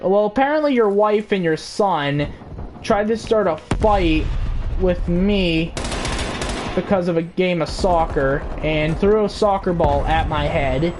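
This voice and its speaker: A woman's voice: on the low side, unhurried, background noise, lightly acted. A woman doing a dry, unbothered cop. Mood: matter-of-fact. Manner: flat and matter-of-fact. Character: calm, unimpressed male police officer.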